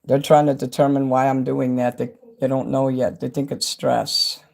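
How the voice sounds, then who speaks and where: A man's flat, gravelly, somewhat mellow mid-range voice carries at a moderate pace as he rambles and swears through a casual livestream chat, addressing viewers directly. He's recorded on a phone.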